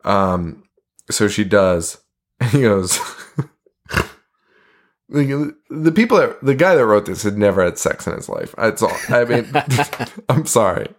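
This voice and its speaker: A man's voice: fairly low pitch, animated, a little slow, pauses often. A man co-hosting a podcast in casual chat, laughing often and swearing as he retells scenes. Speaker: podcast co-host.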